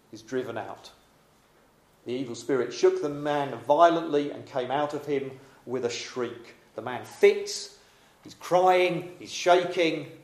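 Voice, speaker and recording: A man's voice: fairly high pitch, a little mellow. A man preaching a sermon in a dramatic, emphatic yet conversational way. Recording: echoey room.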